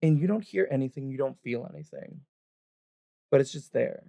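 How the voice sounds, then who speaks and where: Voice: mid-range voice, expressive, normal speed, creaky, warm tone, no echo, clean studio sound. A game master narrating a livestreamed tabletop session in a loose, chatty way full of fillers. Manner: casual, filler-heavy narration with laughs and swearing. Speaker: dungeon master.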